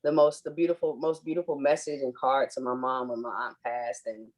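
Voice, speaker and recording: A woman's voice: a bass voice, little pitch movement, brisk, a little mellow. A woman guest in a casual chat who speaks effusively and laughs often.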